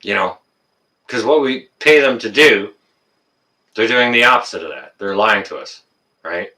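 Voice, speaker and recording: Man, livestream host, casual ranting, lively pitch, somewhat far from the mic. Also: a little slow. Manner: ranting, gets worked up then apologizes. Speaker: livestream host reading viewer comments.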